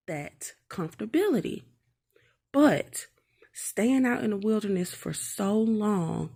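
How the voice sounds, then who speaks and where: Woman, earnest devotional reader, gravelly fry in her voice, reflective, speaks straight to the viewer. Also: lowish voice, darkish tone. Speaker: mother sharing devotional reflections. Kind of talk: Bible reading and personal testimony.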